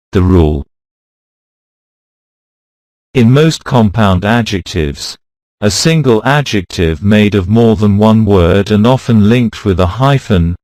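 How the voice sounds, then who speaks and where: Guy reading an english lesson real slow, lowish voice, dry close sound. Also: no echo. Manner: slow, even reading of rules and word lists. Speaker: pronunciation teacher. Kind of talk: scripted lesson narration.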